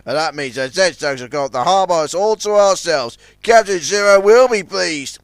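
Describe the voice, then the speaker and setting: A man voicing a scheming, bullying male tugboat villain who speaks loudly with a snapping, jeering manner. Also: high voice, animated, normal speed, no room sound, clean studio sound.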